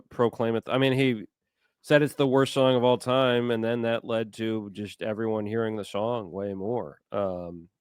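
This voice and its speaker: A man's voice: fairly low pitch, clean tone, no echo, studio quality. A man co-hosting a podcast, chatting casually with many fillers and restarts. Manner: rambling, hesitant, many fillers. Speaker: podcast co-host. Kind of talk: casual chat.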